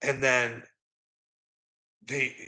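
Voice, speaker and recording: A man's voice: medium pitch, level tone, extremely slow, sharp tone, rough recording. A man telling a rambling personal story, swearing a lot and laughing often between lines. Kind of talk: casual storytelling monologue.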